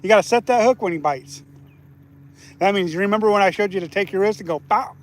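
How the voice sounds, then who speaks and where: A man, hosting a casual live fishing stream outdoors. He laughs often and gets loud and excited whenever a fish bites. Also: sits high, fast. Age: 40s. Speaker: fishing channel host. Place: outdoors by the water.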